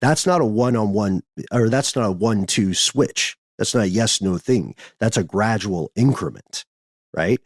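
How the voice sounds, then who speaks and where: A man's voice: fairly low pitch, lively intonation, moderate pace, no room sound, clean studio sound. A man hosting a podcast, explaining history in a conversational, thinking-aloud way. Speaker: podcast host.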